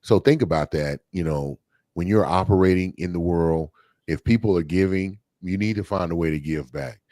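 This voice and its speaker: Low-voiced man talking things through. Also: moderate pace, mellow, no room sound, clean studio sound. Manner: thoughtful, conversational, with many fillers and restarts. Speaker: podcast co-host. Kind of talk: casual discussion.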